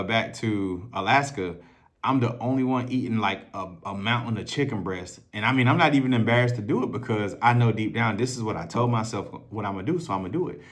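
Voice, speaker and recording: A man in a casual, profane storytelling monologue, talking loosely and conversationally as a self-improvement coach. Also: lowish voice. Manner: loose, profane and conversational, acting out others' voices.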